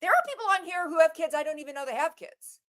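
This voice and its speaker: A woman's voice: very high voice, expressive, quick pace, fairly bright tone. Aggrieved woman venting on a livestream. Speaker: livestream co-host. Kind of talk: casual chat.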